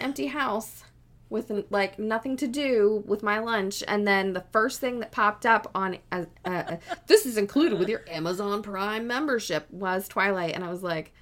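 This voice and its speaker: Podcast co-host, woman, higher voice, rambly and lively, laughs a lot. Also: a little slow. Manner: animated, rambling, laughs often. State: mildly sick. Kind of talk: casual chat.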